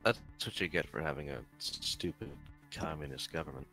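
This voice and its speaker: A man from the United States chats in a laid-back, joking way. His voice is very deep, yet it has a bright, forward edge. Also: animated, brisk, soft background music. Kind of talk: casual chat.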